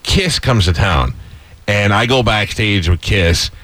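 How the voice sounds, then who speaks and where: A male radio host with a lowish voice tells a rambling anecdote. The sound is dry, close studio audio. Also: lively intonation, slow, pushed and bright, no room sound. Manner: brief backchannels, then rambling anecdotes. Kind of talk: casual radio talk.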